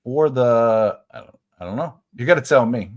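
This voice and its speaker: A man's voice: medium pitch, expressive, normal speed. A man hosting a live writing class, chatting with viewers in a jokey, rambling way and laughing often. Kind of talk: live-stream chat reading comments.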